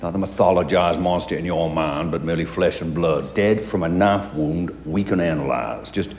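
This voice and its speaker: A deep Southern-drawling detective. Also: male voice, normal speed, darkish tone, reverberant, a little hiss or hum. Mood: probing. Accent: heavy American Southern put on.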